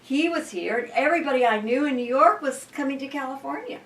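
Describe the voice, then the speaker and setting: An older woman from Iowa, an actress, telling rambling, halting stories in an interview, often restarting her sentences. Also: sits high, a bit bright. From Sioux City, Iowa, US. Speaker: guest, actress. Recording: roomy, distant mic.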